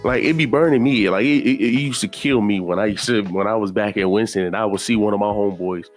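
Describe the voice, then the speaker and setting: A man's voice: on the low side, quick pace, faint music behind. A man hosting a casual reaction commentary video, opinionated and repetitive, often adding "man" to his points. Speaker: commentary YouTuber.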